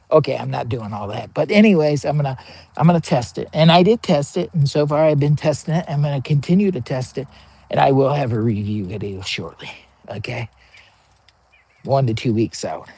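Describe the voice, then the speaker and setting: A man's voice: mid-range voice, brisk, vocal fry, warm tone, no echo. A man talking casually in a rambling, goofy, slangy product review vlog, outdoors at camp. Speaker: vlogger. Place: camping outdoors.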